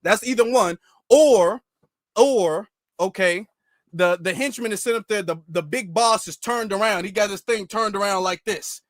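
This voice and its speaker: A man hosts a commentary rant, repeating himself as he spins long, animated stories. His voice is fairly high, recorded close and completely dry. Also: normal speed, dry recording. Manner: animated, repetitive, storytelling. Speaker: commentary channel host. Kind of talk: ranting commentary.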